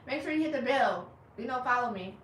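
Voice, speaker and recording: A young woman chatting casually with viewers on her livestream, animated and laughing as she acts out their reactions. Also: a little high, a little fast, reverberant, recorded from a distance, slight background noise, rough recording. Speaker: livestream host.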